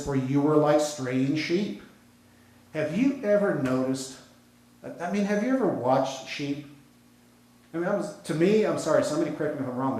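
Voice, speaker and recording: A pastor with an American accent preaches a sermon in a church sanctuary, telling stories in a folksy, conversational way with casual asides. His mid-range voice has a darkish tone, and the hall is very echoey.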